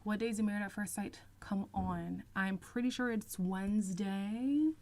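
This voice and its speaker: A young woman hosting a casual livestream, chatting and reading out viewer comments, laughing often and stretching out some phrases slowly. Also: mid-range voice, darkish tone. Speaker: livestream host reacting to reality TV.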